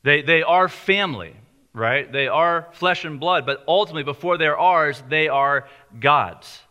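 A man preaching a sermon in a conversational way, slowing down on key lines for emphasis. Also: on the high side, sharp tone. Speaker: pastor.

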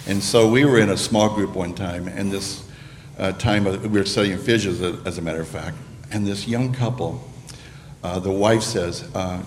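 Older guy, really deep voice, earnest church testimony, echoey hall with faint hum. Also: normal speed. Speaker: guest speaker on marriage. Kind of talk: sharing a personal testimony.

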